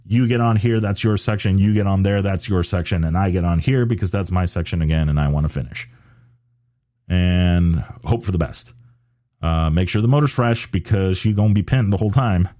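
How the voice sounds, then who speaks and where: A man with a low, mellow voice talks loosely on a podcast, circling back and restarting his sentences as he goes. The sound is dry and close, with no room around it. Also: dry recording. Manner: rambling, many restarts and fillers. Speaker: podcast host. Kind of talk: casual podcast talk.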